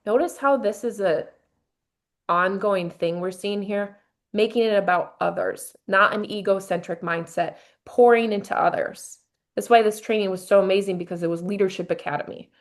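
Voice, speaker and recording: A woman's voice: medium pitch, moderate pace. Upbeat woman leading a breathing exercise. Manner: upbeat, guides the group through breathing exercises. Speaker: team leader running a workshop. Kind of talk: motivational workshop talk. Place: workshop room with a group.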